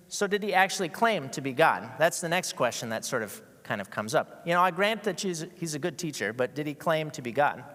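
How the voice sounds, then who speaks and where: A man's voice: fairly high pitch, sharp tone. A man preaching a casual, conversational sermon to a church congregation, joking and often restarting his sentences. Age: adult with school-age kids. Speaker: guest preacher. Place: church sanctuary with a masked congregation. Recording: long reverb of a large hall.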